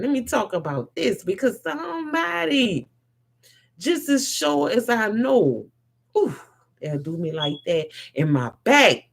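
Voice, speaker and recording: A woman speaks her mind on faith to a live audience. She talks like a preacher, rising to loud conviction and dropping to a soft, heavy tone. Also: high voice. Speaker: host. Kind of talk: spiritual monologue to a live audience.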